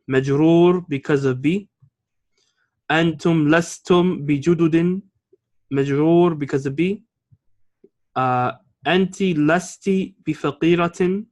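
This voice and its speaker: A man teaching a classroom grammar lesson, explaining patiently, checking in with the class and switching between two languages. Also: fairly high pitch. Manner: explains patiently, checking with "okay?" and "all right?"; switches between English and Arabic. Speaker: Arabic teacher.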